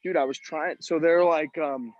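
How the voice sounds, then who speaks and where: A man's voice: fairly high pitch, steady tone, moderate pace, no echo, muffled recording. A man co-hosting a podcast, calling in from outdoors at a golf tournament and telling self-mocking, profane stories about his round. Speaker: podcast co-host. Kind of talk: casual chat.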